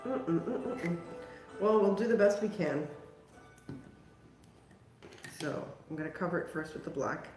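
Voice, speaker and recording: A woman's voice: fairly low pitch, expressive, moderate pace, a little mellow, roomy sound, soft background music. A woman hosting a live crafting stream, chatting casually and poking fun at herself as she paints. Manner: chatty, self-mocking, talks to viewers while working. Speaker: crafting livestream host.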